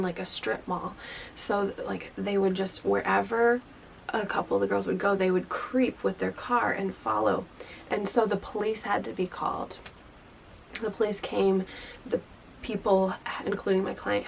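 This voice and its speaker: Lady in her 30s telling a story, gravelly fry in her voice, super chatty, says like a lot. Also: medium pitch, slight background noise. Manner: chatty, leans heavily on "like" and "you know". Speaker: hairdresser and vlogger. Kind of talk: casual storytelling.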